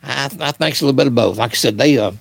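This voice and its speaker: Gravelly older man telling stories. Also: mid-range voice, very fast, dry recording, poor audio. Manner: rambling, with many fillers and restarts. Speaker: guest, author and paranormal researcher. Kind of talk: casual storytelling.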